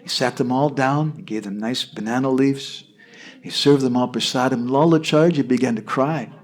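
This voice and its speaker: An American man telling a devotional story in a lively way, often checking in with his listeners. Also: medium pitch, normal speed. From United States. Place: devotee's home.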